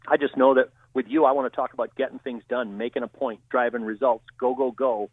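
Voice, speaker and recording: A man who trains people in communication, answering interview questions in a steady, explanatory way. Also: mid-range voice, brisk, dry recording. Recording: tinny phone-line audio.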